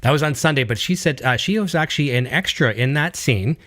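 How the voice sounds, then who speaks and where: A man's voice: fairly high pitch, lively intonation, fairly quick, a bit bright. A Canadian man with a Canadian accent hosting an interview, eager and rambling with lots of fillers. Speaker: show host. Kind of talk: casual video interview.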